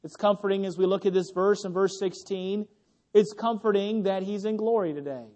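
A young adult male pastor preaching a sermon, swinging from loud exclamations to hushed, tender passages. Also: high voice, steady tone, normal speed.

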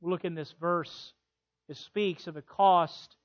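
A pastor from Illinois preaching a sermon, swinging between hushed passages and loud, emphatic ones. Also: male voice, fairly high pitch, fairly even intonation, unhurried, muffled recording. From Illinois, USA.

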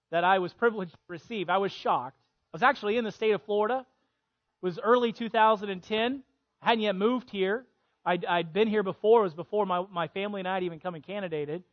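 A pastor from Illinois preaching a sermon, swinging between hushed passages and loud, emphatic ones. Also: male voice, high-pitched, a little fast, dull audio. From Illinois, USA.

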